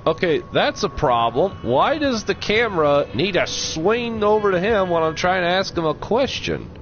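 A man's voice: high-pitched, highs cut off, faint music behind. A man hosting a gaming channel, giving goofy, joking commentary while he plays. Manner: goofy, joking, slow and lively. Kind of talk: let's play commentary.

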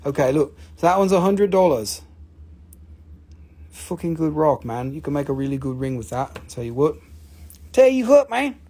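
A man hosting a live mineral sale, joking, swearing, and pitching his stones with enthusiasm. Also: sing-song, normal speed, pauses often, dark tone, husky. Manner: joking, profane, enthusiastic salesman. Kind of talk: livestream sales chat.

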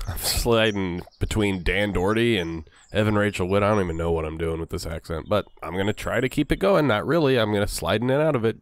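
A man's voice: on the low side, brisk, no room sound. A man giving jokey let's play commentary and reading game text aloud. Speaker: gamer.

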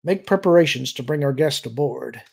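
Narrator doing a steady veteran admiral, measured and dry, gravelly. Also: male voice, medium pitch. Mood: calm. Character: older male admiral, calm and steady.

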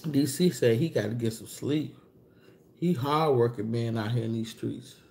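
At a moderate pace, a woman chats with her livestream viewers, reading their comments aloud and replying in relaxed, slangy talk. Her delivery is animated, with her pitch rising sharply for greetings, and faint hiss or hum sits under the audio.

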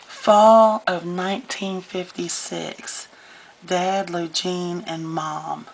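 A woman, chatting warmly and gushing as she shows scrapbook pages in a casual vlog. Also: on the low side, fairly even intonation, extremely slow, creaky, a little hiss or hum, low-quality recording. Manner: gushing, chatty, easily moved. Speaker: scrapbooking vlogger. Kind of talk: casual show-and-tell vlog.

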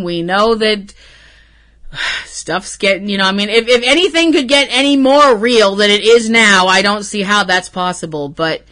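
A woman hosts a fan podcast and recaps an episode in casual, emotional talk. She swears freely and gushes about the show. Her voice is bright and sharp, sitting at an ordinary pitch for a woman. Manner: emotional, profane and gushing. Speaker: podcast host.

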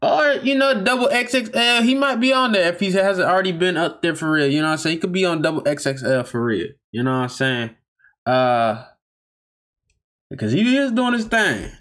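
A man's voice: sits high, expressive, brisk, a bit bright. A man hosting a reaction video, talking casually in slang and often repeating himself as he stops to comment.

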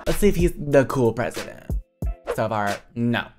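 An animated woman reacting to AI chatbots, reading their replies aloud in playful put-on voices between bursts of laughter. Her pitch swings widely and her delivery stays lively and conversational. Music plays clearly behind her. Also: moderate pace. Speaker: streamer chatting with AI bots. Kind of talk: casual reaction commentary.

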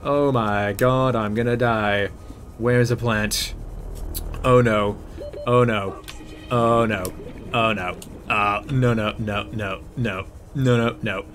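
A young man with a fairly low voice talks slowly, a little hiss or hum audible in the background. He offers jokey, casual commentary on his gameplay, getting excited, muttering, and yelping in panic.

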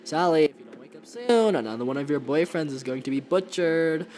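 A man's voice: fairly high pitch, lively intonation, brisk, darkish tone, lightly acted. A man voicing a devoted, stubborn young boyfriend in a game, reading earnestly over a noisy mic.

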